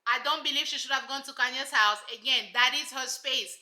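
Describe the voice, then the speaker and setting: A woman's voice: sits high, brisk, pushed and bright, echoey room. A woman giving casual, sassy commentary on a reality show, emphatic and full of rhetorical asides.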